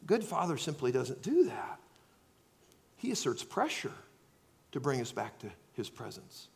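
A man preaching a sermon, swinging between loud acted-out outbursts and quiet, earnest asides. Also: medium pitch, huge pitch swings, measured pace, creaky. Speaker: pastor.

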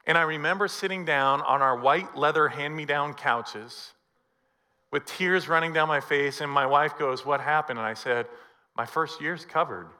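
A middle-aged pastor preaching a sermon, telling a personal story and acting out the dialogue. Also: male voice, fairly high pitch, moderate pace, bright, forceful tone, smooth.

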